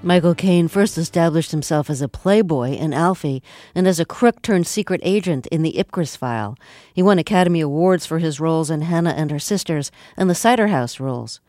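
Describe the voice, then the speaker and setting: A radio interviewer with a mid-range voice reads a scripted introduction, then asks questions at the same measured pace. The recording is dry and close, with no room sound. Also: medium pitch, expressive, darkish tone, dry recording, faint music behind.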